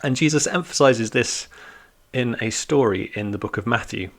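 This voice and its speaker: A man giving a relaxed, joking church talk to young people, teaching like a friendly youth leader. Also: medium pitch, normal speed.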